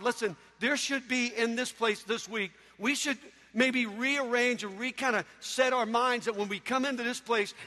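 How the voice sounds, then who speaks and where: A man preaching a sermon, telling stories in an animated way with sudden loud outbursts. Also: extremely high pitch. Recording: echoey hall.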